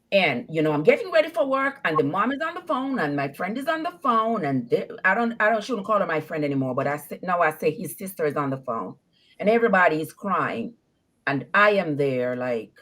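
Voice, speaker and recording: A woman's voice: fairly low pitch, sing-song, a little fast, a bit bright. A woman calling in to a live show, animatedly telling her own story, laughing and acting out the quotes. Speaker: caller. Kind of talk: call-in storytelling.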